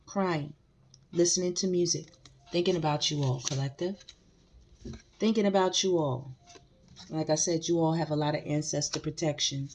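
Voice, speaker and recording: A woman reads tarot cards for her viewers in a casual, emphatic way, circling back to repeat her points. Her voice sits slightly low. A faint background noise and a few clicks run under the recording. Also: normal speed, long pauses, darkish tone. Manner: emphatic, repeats phrases, addresses the collective directly. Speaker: tarot reader. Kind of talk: casual spiritual reading to viewers.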